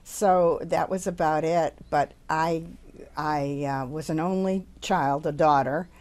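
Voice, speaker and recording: A woman's voice: deep voice, steady tone, slow, a little mellow. An older American woman co-hosting a cooking show, reminiscing in a plain-spoken, casual way. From United States. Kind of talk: casual chat.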